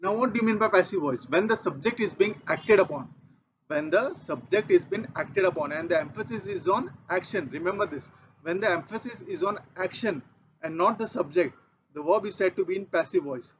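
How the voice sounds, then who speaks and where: Methodical Indian English male teacher, high voice, dull lo-fi recording, repeats rules for learners. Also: a little fast, slight background noise. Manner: methodical, repeats key points. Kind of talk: grammar lesson. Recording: dull lo-fi audio.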